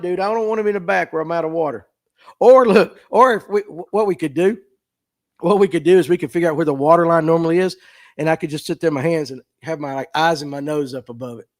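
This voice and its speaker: Hosting a fishing livestream podcast, a Southern American man chats casually and responds to viewers' comments with homespun, self-mocking humor. He has a slightly high voice for a man, recorded through a phone microphone.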